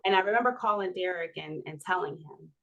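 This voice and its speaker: A woman's voice: fairly low pitch, a little fast, creaky, muffled recording. A woman in her forties, a podcast guest, telling a personal story with laughs and acted-out dialogue. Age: 40s. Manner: animated, laughing, acts out quoted dialogue.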